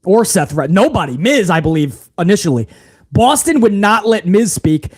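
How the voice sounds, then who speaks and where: A man from New England hosts a live wrestling review in a casual, excitable way, heavy on swearing and slang. His voice sits high and swings widely up and down. He talks like a fan chatting with friends. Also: normal speed, slightly rough.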